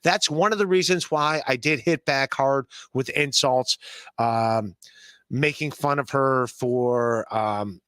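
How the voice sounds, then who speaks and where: A man's voice: mid-range voice, takes it slowly, a bit bright, clear, resonant tone, no room sound. A man hosting a podcast, talking in a rambling, stammering, blunt and profane way. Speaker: podcast host. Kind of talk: casual podcast chat.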